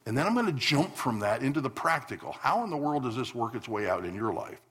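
A male pastor preaching a sermon, swinging between loud emphatic declarations and soft asides. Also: medium pitch, sing-song, fast talker, husky. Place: church sanctuary.

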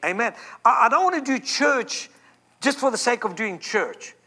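A man's voice: very high-pitched, expressive, moderate pace, pushed and bright, husky. A man from Africa, preaching a fervent Pentecostal sermon as a guest preacher and repeating lines for emphasis.

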